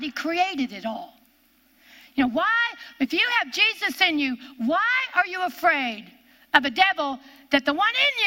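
A woman preaching a sermon, swinging from loud, fervent peaks to hushed lows and reading scripture aloud. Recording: echoey hall.

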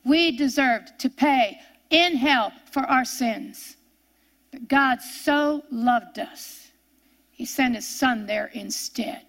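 High, bright-voiced woman preaching. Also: vocal fry. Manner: reads scripture aloud in a rising, impassioned voice; drops to slow, hushed tones for solemn points. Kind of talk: sermon.

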